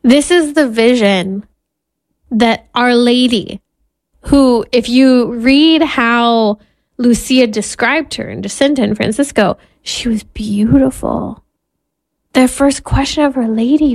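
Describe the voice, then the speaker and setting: A Catholic mother and podcast host in her thirties shares a candid personal story, her voice a little high, slow and a little mellow. She's earnest throughout, now and then laughing at herself.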